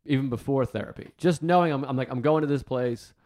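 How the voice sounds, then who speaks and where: A man's voice: mid-range voice, fast talker, darkish tone. Self-deprecating male podcast host. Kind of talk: casual chat.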